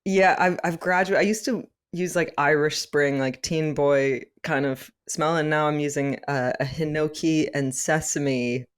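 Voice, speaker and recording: A woman co-hosting a podcast in casual chat, playful and quick to laugh. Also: low voice, steady tone, smooth. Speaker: podcast co-host.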